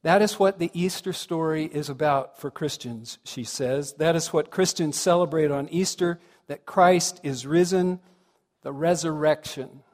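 A fairly high-voiced man preaches a thoughtful, conversational sermon. He turns questions back to the congregation as he goes. His voice carries a long reverb from the hall. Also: unhurried, a little mellow. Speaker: minister.

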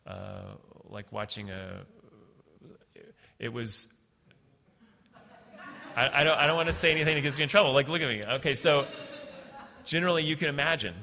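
A middle-aged man telling a personal story in a halting way, with many fillers and restarts. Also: medium pitch, animated, creaky, bright, forceful tone, big-room sound.

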